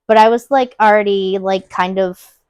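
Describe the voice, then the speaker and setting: A young woman co-hosting a podcast, openly telling her own story in a soft-spoken casual chat, with plenty of "like" fillers. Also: mid-range voice, fairly even intonation, moderate pace, smooth, dry recording, muffled recording. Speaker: podcast co-host.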